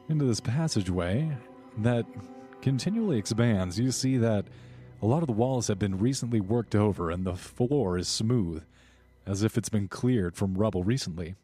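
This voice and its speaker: A man narrating as game master of a tabletop game, describing scenes in a relaxed, descriptive way. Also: on the low side. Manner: descriptive, relaxed, with small restarts.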